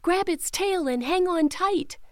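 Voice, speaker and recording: A woman voicing a tiny, brave young female toad in a storybook, squeaky and breathless. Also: measured pace, dry recording. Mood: determined.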